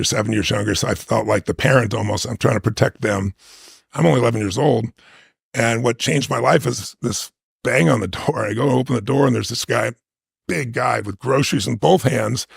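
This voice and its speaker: A middle-aged man with a gravelly voice, giving an emphatic conversational interview answer that often checks in with "right?". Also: medium pitch, dry recording, studio quality. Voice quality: gravelly, husky. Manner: emphatic, conversational with frequent "right?" tag questions. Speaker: interview guest.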